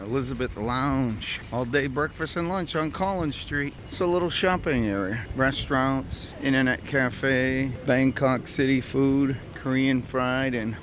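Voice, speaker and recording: A man's voice: mid-range voice, measured pace, hardly any pauses, fairly bright tone. A man chatting casually as he walks a city tour for his travel vlog, thinking aloud. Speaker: travel vlogger. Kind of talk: casual walking tour narration. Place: city streets outdoors. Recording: outdoor street noise.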